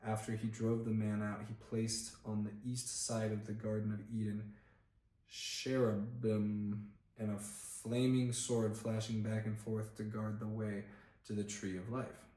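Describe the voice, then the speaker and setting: A man reading a Bible chapter aloud on camera, pausing now and then to look up words and comment in a casual way. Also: fairly low pitch, level tone, mellow. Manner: reads aloud with plain emphasis, stops to look up words and comment. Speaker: Bible reader and channel host. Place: indoor room, filmed on camera. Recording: echoey room.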